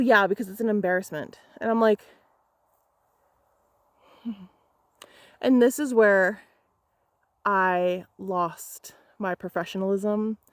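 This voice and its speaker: A woman's voice: medium pitch, no room sound, studio quality. A young adult woman photographer retelling a client story in an angry storytime vlog, heated, emphatic and profane.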